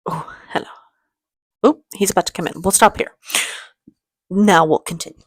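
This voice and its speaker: A woman's voice: lowish voice, a little fast, slightly rough, no room sound. A woman hosting a reaction video, talking in a chatty, rambling way with easy laughter and sounding emotional, close to tears. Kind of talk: casual reaction chat.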